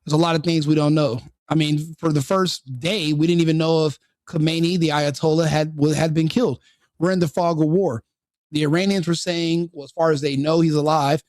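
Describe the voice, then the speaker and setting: A man's voice: a little high, steady tone, a little fast, a little mellow, no room sound, clean studio sound. A man hosting a live stream, giving opinionated commentary full of rhetorical questions and repeated restarts. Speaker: streamer host.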